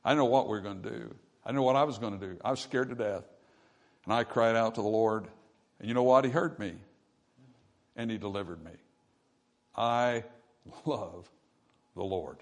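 A man preaching a sermon, his voice swelling loud and dropping soft, with scripture read aloud in old-style wording. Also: fairly low pitch, normal speed, pauses often. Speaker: pastor.

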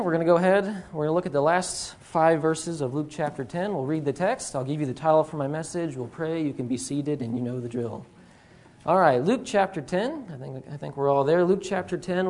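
A man's voice: fairly high pitch, darkish tone. A young man preaching in a church as a guest speaker, chatty and self-deprecating, with plenty of fillers. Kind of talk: sermon. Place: church sanctuary.

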